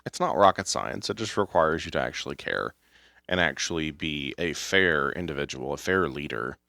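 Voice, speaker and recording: A man's voice: extremely low pitch, lively intonation, normal speed, gravelly, pushed and bright, no echo, clean studio sound. A man co-hosting a paramedic podcast, giving blunt, preachy advice with some swearing in casual chat.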